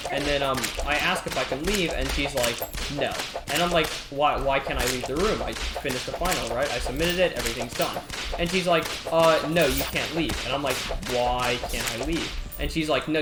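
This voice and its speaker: A teenage boy rants through a story in a casual vlog, animated and exasperated, his voice rising as the frustration builds. He keeps tossing in "right?" to pull the listener along. The room around him rings with a noticeable echo. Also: fairly high pitch. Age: teens. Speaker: gaming video creator. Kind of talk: casual storytelling rant over gameplay.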